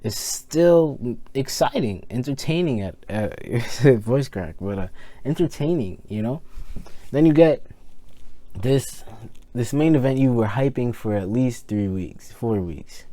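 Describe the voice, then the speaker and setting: A young man ranting casually about a wrestling show, rambling and animated, full of fillers and repeated words. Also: mid-range voice, measured pace, no room sound. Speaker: wrestling review vlogger. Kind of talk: casual rant to camera.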